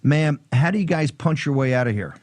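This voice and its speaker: A man's voice: on the high side, lively intonation, fairly quick, darkish tone, dry recording. Emphatic male talk show host, dry sound. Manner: emphatic, combative.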